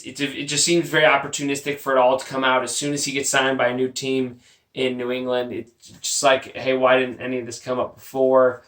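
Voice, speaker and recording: Speaking in a fairly bright mid-range voice, a Texan podcast host goes on an opinionated sports rant, swearing freely and mocking the people in question. A distant home mic gives the sound a roomy feel.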